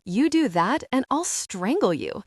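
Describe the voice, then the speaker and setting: A woman's voice: a little high, sing-song, measured pace, no room sound, pitched above the performer's own voice. Woman voicing a young woman, playful, giggly, romance audiobook, dry sound.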